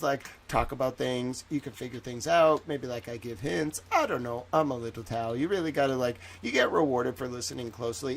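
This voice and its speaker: Guy rambling on his livestream, jokey, middle pitch, gets loud then goes quiet. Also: creaky. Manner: rambling, jokey, swings between loud and soft. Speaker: livestream host. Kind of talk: casual livestream chat.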